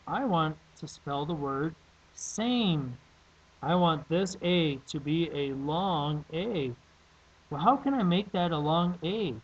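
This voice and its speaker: A man teaching a classroom lesson, speaking slowly and deliberately and repeating each word for spelling. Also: fairly high pitch, breathy edge, muffled recording.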